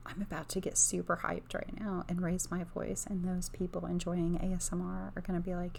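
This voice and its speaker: Female ASMR oracle card reader: low, gravelly, soft-spoken with whispers, dreamy and gushing, close mic. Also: flat delivery, a little fast, few pauses, slight background noise.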